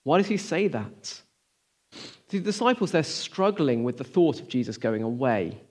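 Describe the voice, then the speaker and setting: Man, preacher, sermon, earnest, rhetorical questions, emphatic then hushed. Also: medium pitch, moderate pace. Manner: swings from emphatic to hushed, near-whispered lines.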